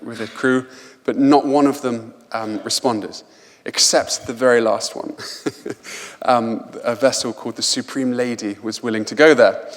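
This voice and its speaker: A man giving a public lecture, telling travel stories in a lively, anecdotal way and often repeating words as he goes. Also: medium pitch. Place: large lecture hall. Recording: long hall reverb in lecture theatre.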